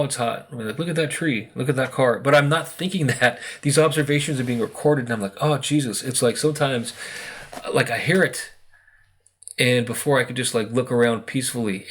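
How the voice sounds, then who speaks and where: American guy rambling on about spirit stuff, lots of ums and likes, plain middle voice. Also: mid-range voice. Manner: rambling, many fillers and quoted asides. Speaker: spiritual video host. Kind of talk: casual monologue.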